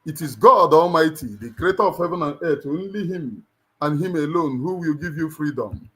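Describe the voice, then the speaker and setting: A middle-aged Nigerian livestream host with a Nigerian accent speaks at a moderate pace, his slightly high voice bright and forceful with lively intonation. He gives an impassioned address like a preacher, emphatically repeating his lines for weight.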